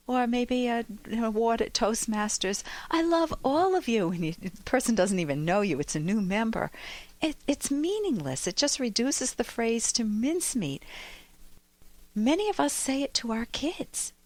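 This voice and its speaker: A woman's voice: fairly high pitch, lively intonation, normal speed. A woman hosting a radio advice show, talking expressively and acting out the phrases she quotes. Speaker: radio talk show host and psychologist.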